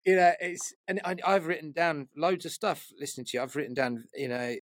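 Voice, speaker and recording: A man's voice: fairly high pitch, fairly quick, no room sound. A man hosting an interview from a soundproof studio room, talking informally and chattily with his guest. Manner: informal, chatty, says mate and lads. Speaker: podcast host. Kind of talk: casual interview chat.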